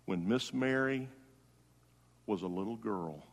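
A man's voice: on the low side, slow. Preaching man in a reverberant hall. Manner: preaching, swinging from loud emphatic calls to hushed soft tones. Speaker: pastor. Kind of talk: funeral sermon.

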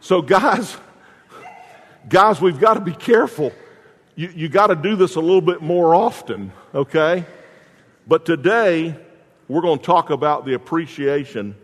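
Folksy pastor preaching in a hall. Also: male voice, a little high, animated, measured pace, pauses often, fairly bright tone. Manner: folksy storytelling with repeated restarts. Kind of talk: sermon.

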